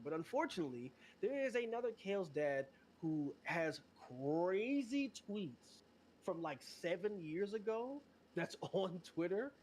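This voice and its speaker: A man talking as a podcast guest in casual chat, animated and slangy, laughing often. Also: on the high side, a little hiss or hum.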